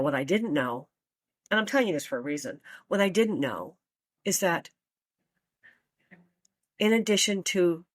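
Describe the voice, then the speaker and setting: A woman with a low-pitched voice hosts her own podcast in a loose, chatty monologue. She talks folksily to her listeners with frequent ums and uhs. The sound is dry and close, with no room around it. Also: no echo. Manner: chatty, folksy, with many fillers. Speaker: podcast host.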